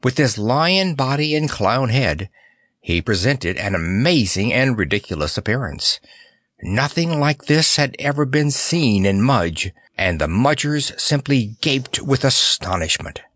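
Male audiobook narrator: slow, animated pitch, dry close sound. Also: no room sound. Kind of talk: scripted narration.

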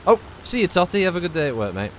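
A man chats casually while playing a video game with friends, his pitch rising and falling in a lively, animated way. He jokes and laughs often, and a steady hiss of game noise runs under his voice. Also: rapid-fire. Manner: jokey, laughs often, chatty banter. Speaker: gaming streamer. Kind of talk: casual chat while gaming.

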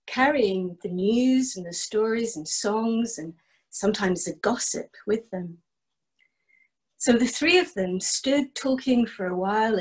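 Woman telling folk tales; unhurried, husky, measured rhythm. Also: on the high side, poor audio. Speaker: storyteller. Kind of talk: traditional folk storytelling.

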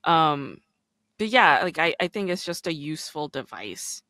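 A woman hosting a casual podcast chat, with a low-register voice and a chatty way of talking full of "like" and "you know". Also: big pitch swings, unhurried, bright, forceful tone, dry recording. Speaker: podcast host.

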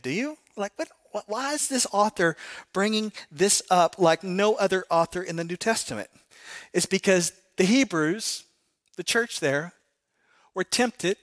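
A man's voice: sits high, a bit bright. Man preaching with rhetorical questions. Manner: conversational preaching with frequent rhetorical questions to the congregation. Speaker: pastor. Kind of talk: sermon. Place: church sanctuary.

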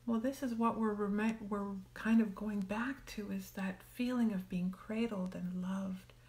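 Female meditation teacher, gentle, half-whispered delivery, warm tone, echoey room. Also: mid-range voice, fairly even intonation, a little slow. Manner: soft, gentle, often drops to a whisper. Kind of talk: guided meditation on a live stream.

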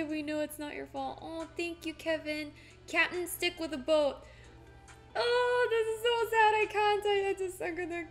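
A woman's voice: sits high, a bit bright. A woman live streaming while she paints, chatting casually with viewers in a playfully melodramatic, mock-tearful way.

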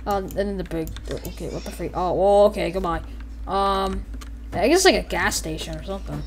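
A woman casually commenting on her own gameplay at a computer, excitable, exclaiming and giggling often. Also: lowish voice, a little fast, slight background noise.

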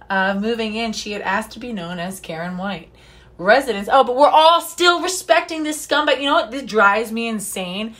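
Brief: woman, slightly higher voice, reads news copy with sarcastic, swearing rants in between. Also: a bit bright. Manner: sarcastic, profane, indignant asides. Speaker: commentary vlogger. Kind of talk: reading a news story aloud with ranting commentary.

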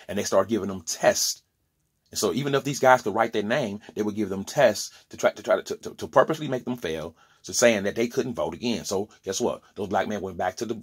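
A man's voice: fairly low pitch, husky. A man in his forties giving a heated opinion monologue, repeating and restarting words as he presses his points. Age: 40s. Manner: impassioned, stumbling restarts, preachy asides. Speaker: opinion vlogger.

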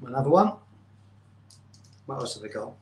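A man's voice: medium pitch, sing-song, moderate pace, a little mellow. A man hosting a casual live stream, chatty and rambling, often poking fun at himself. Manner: chatty, rambling, self-deprecating. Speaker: channel host. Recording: roomy echo.

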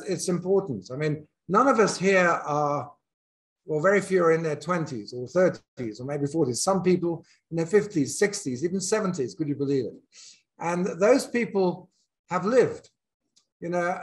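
A man with an English accent giving a reflective talk as a business school dean, speaking candidly and thinking aloud with frequent restarts. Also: fairly high pitch. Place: in South Africa.

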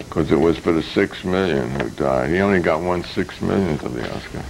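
Older New man, public access host, deep low voice, dry rambling humor, slight hiss. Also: brisk, gravelly, hardly any pauses, rough recording. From United States. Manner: wry, deadpan jokes with many fillers and restarts. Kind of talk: casual rambling commentary.

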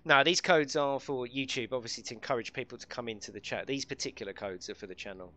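A man's voice: medium pitch, quick pace, sharp tone. A man streaming a racing game live, chatting casually with viewers and friends, swearing lightly and laughing often.

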